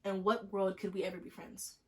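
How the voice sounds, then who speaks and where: Young woman, vlogger, storytime, sarcastic, animated, mid pitch. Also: brisk. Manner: animated, sarcastic, jumps into mocking quoted voices. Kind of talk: storytime vlog.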